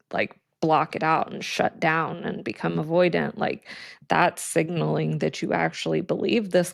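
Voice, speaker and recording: Woman cohost, slow reflective talk, lots of vocal fry, dry close sound. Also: on the low side, dry recording. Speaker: podcast co-host. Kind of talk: casual chat.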